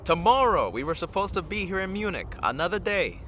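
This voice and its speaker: Tired, rambling man with a bright voice. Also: sits high, very animated, a little fast, slight background noise. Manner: rambling, chats directly with viewers. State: tired from little sleep. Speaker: live-stream host. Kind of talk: casual live-stream chat.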